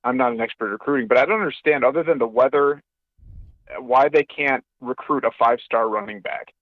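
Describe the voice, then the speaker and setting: A man's voice: medium pitch, a little fast, no echo, phone-quality sound. A man calling in to a sports show, asking a rambling, hesitant question. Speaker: caller. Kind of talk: call-in question.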